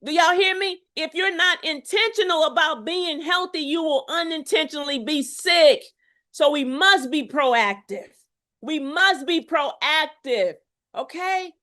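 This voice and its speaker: A middle-aged woman with a high, ringing voice, coaching an online audience on health. She talks with preacher-like emphasis, repeats her lines, and keeps checking that her listeners are with her. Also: measured pace, bright, forceful tone. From Houston, Texas. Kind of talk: live health challenge talk to viewers.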